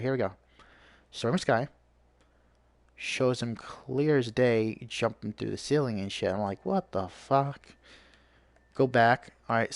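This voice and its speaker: A man's voice: mid-range voice, dry recording. A man giving live gameplay commentary as a streamer, rambling and ranting with plenty of swearing.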